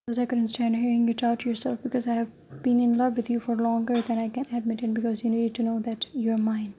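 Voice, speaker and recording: A woman's voice: on the high side, completely flat delivery, fast talker, close to an everyday voice. A woman voicing a protective young man who speaks firmly and tenderly, in a storytime reading. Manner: firm and tender. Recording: dull lo-fi with faint hiss.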